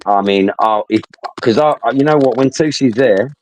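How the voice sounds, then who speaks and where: A London man in his fifties chatting casually, rambling and swearing as he tells animated stories. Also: medium pitch, normal speed, a little hiss or hum, rough recording. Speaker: talker recounting stories. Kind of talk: casual chat.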